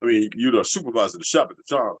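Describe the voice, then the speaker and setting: A mid-range, expressive voice with a breathy edge fires off words rapidly, with no room sound. It belongs to a man in his fifties giving his viewers a blunt, streetwise, rambling rant packed with swearing and digressions.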